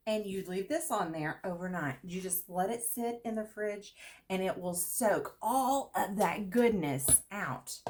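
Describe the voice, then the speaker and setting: A middle-aged woman casually demonstrating kitchen products to viewers, chatty and upbeat. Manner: chatty, upbeat, lively pitch.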